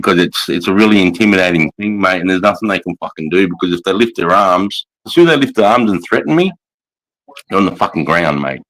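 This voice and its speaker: Australian army veteran host, deep voice, swears freely, relaxed storytelling. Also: male voice, poor audio. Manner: blunt, profane storytelling. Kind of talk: casual livestream chat.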